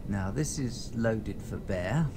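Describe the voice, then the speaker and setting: A man streaming a space survival game, talking casually in a halting, rambling way full of fillers and restarts. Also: fairly low pitch, lively intonation. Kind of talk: casual gameplay chat. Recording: noisy game sound behind the voice.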